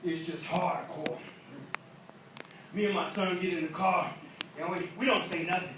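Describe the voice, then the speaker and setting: A middle-aged man preaching in church with emotional force, swinging from hushed asides to shouting. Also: sits high, steady tone, unhurried. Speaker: pastor. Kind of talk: energetic sermon. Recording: echoey hall from far off, noisy.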